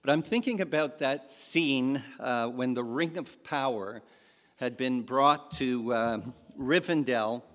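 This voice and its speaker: A male pastor delivers his sermon at an unhurried pace. He tells the story haltingly and gives the quoted lines their own dramatic voice. His words ring out with a long hall reverb, as in a church. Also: medium pitch, fairly bright tone.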